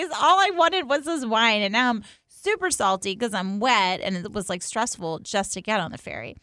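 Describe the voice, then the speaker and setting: A woman co-hosting a podcast in casual chat, telling a lively story with acted-out quotes and asides. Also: on the high side, moderate pace, hardly any pauses, dry recording. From East Coast of the US. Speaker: podcast co-host.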